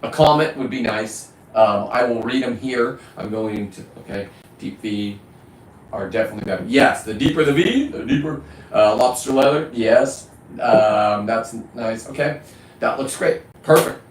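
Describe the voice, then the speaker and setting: A man's voice: mid-range voice, normal speed, echoey room, a little hiss or hum, low-quality recording. A middle-aged man hosting a live stream, ranting in a blunt, profane, rambling way. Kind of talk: casual live-stream rant.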